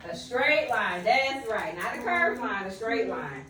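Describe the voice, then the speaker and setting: Woman teacher, high voice, lively swooping pitch, playful, encouraging, roomy classroom, heard from a distance. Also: a little slow.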